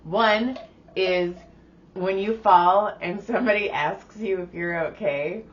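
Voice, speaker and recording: A woman's voice: mid-range voice, slow. A middle-aged woman co-hosting a podcast in casual chat, blunt and profane as she tells stories, recovering from laryngitis. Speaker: podcast co-host. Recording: dull lo-fi sound.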